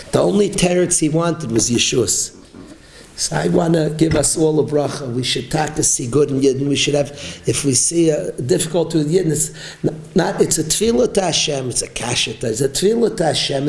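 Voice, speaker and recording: A man giving a sermon as a rabbi, preaching emphatically and with animated, rising exclamations. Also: fairly high pitch, gravelly. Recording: roomy echo.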